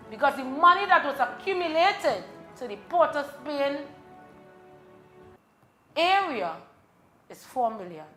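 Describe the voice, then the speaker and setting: A woman with a Trinidadian accent and a high voice talks slowly and insistently in strong local dialect. She pleads and presses her point, with faint music playing behind her. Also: sing-song, pushed and bright. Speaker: community advocate. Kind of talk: passionate street talk.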